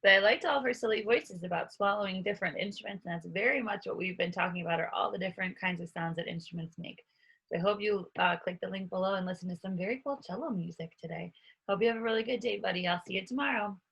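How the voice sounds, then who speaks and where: A woman teacher winds up a casual video message to a child in a friendly, chatty way. She talks quickly, with a gravelly, husky edge to her mid-pitched voice. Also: fairly bright tone.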